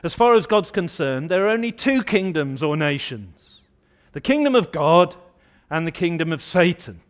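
English guy preaching in church, high voice, gets loud and punchy at times. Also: big pitch swings, normal speed. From England. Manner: rises to loud, emphatic outbursts when voicing objections. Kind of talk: sermon.

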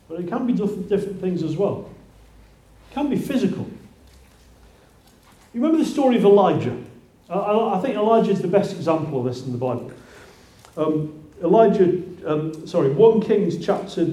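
A fairly high-pitched male preacher gives a conversational sermon and often restarts his sentences. His tone is mellow. The sound is roomy and echoing, as in a church. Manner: conversational, with many restarts and rising exclaims. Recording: roomy echo.

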